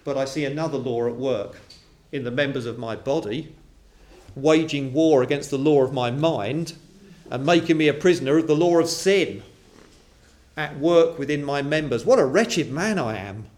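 A man preaching a sermon to a congregation, animated and acting out quoted voices. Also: medium pitch, normal speed. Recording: roomy echo of a hall.

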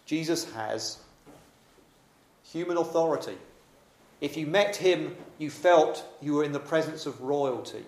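A man's voice: fairly high pitch, measured pace, long pauses, darkish tone. A man preaching a sermon in a dramatic, emphatic yet conversational way. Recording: echoey room.

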